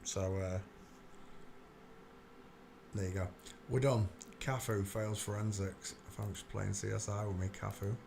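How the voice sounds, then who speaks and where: A man's voice: on the low side, little pitch movement, measured pace, gravelly, pauses often, background noise. A man hosting a livestream, muttering to himself as he clicks through searches in casual commentary. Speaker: livestream host. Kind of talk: casual live-stream commentary.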